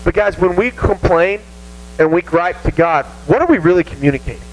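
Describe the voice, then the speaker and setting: A man with a Southern American accent preaching a casual, animated sermon to a youth group, poking fun at himself. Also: high voice, fairly quick, rough recording. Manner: animated, self-mocking, acts out whiny voices. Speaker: youth pastor. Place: church youth room.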